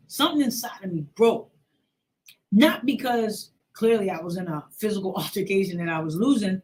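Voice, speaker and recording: A woman's voice: mid-range voice, a little mellow. A woman in her forties, hosting a show, telling a personal story with emotion and acting out the voices in it. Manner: emotional, acts out quoted voices. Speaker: host.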